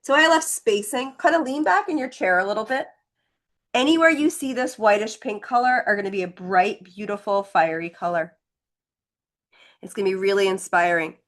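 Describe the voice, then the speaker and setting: A woman teaches a live painting class online, her voice sitting at an ordinary middle pitch. She chats easily as she mixes colors and demonstrates, reassuring students as she goes. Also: normal speed, fairly bright tone. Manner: chatty, encouraging, talks while demonstrating. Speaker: painting instructor.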